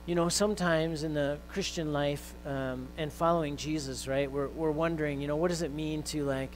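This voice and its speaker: A man's voice: a little high, steady tone, normal speed, a little hiss or hum, poor audio. Male pastor preaching, faintly humming mic. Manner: conversational preaching with fillers, rising intensity when quoting scripture. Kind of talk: sermon.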